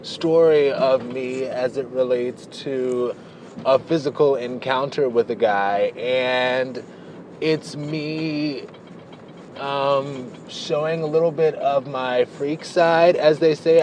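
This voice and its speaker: A man's voice: mid-range voice, fairly even intonation, takes it slowly, darkish tone, slight background noise. A man vlogging, telling a personal story in a chatty, playful way, drifting into tangents and stretching out words for emphasis. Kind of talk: casual storytelling to camera.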